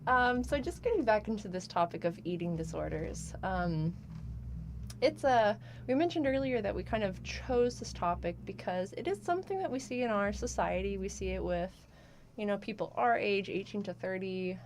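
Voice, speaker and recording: A young adult woman co-hosting a casual radio talk show, relaxed, with many fillers. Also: medium pitch, moderate pace, slight background noise.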